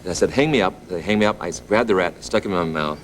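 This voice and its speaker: A middle-aged man, a talk show guest, telling a long anecdote in a relaxed, chuckling way. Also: low voice, very fast, low-quality recording. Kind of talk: anecdotal storytelling. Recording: TV studio with audience noise.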